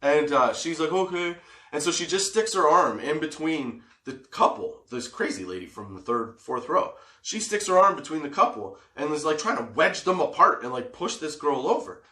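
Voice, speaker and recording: A man's voice: on the high side, moderate pace, hardly any pauses. A man in his forties telling a story for a comedy podcast, swearing freely and laughing as he goes. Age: 40s. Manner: profane, animated storyteller who laughs often. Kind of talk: casual storytelling. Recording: roomy echo.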